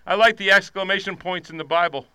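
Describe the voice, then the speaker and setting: Bright, crisp-voiced preaching man. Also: fairly even intonation, fast, dry recording. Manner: swings from shouted preaching to quiet, low confiding. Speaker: pastor. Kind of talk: sermon.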